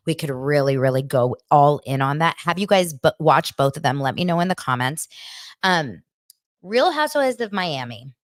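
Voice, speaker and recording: A woman hosting a pop culture podcast talks in a low but lively voice, swinging up and down as she chats. Her voice sounds close and dry, with no room echo. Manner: chatty, animated, mocks others in shrill voices. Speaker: podcast host. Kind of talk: casual pop culture commentary.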